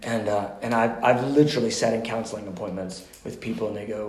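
A man's voice: on the low side, fairly even intonation, fairly quick, hardly any pauses, a little mellow, roomy sound. A man teaching a sermon class as pastor, talking in a passionate, conversational way with restarts before closing in prayer.

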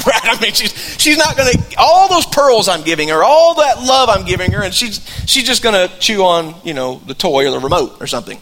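High-voiced pastor telling a story. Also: male voice, expressive, quick pace, few pauses, pushed and bright. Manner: conversational storytelling with frequent restarts. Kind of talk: sermon.

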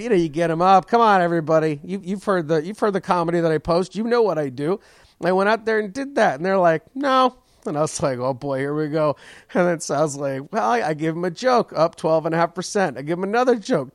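A man's voice: sits high, dry recording, clean studio sound. A man hosting his podcast, telling a profane, self-mocking story about a stand-up gig. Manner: animated, swearing, self-mocking. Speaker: comedian podcast host.

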